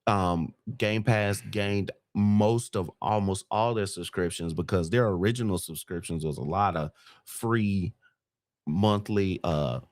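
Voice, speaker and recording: Low-voiced guy guesting on a gaming podcast, dry close mic, deadpan jokes. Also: a little slow, no room sound. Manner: deadpan sarcasm, playful. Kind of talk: casual gaming podcast chat.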